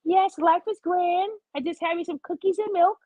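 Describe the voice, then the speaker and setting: A woman's voice: steady tone, normal speed, darkish tone, dry recording. A woman putting on a sugary-sweet cheerful lady. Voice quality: high and chirpy. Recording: dull lo-fi sound.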